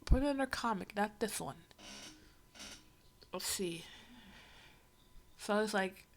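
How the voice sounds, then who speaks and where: Reading a comic aloud on a livestream, a woman keeps up wry, wandering commentary thick with fillers. Her mid-range voice is animated yet measured in pace, with a little hiss or hum in the audio.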